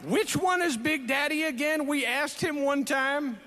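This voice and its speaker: A man delivering a comic acceptance speech in a put-on Southern drawl, shouting out his punchlines. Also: extremely high pitch, measured pace, full character voice. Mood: mock boastful. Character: goofy Southern-drawling man, brash and crude. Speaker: award recipient giving a speech.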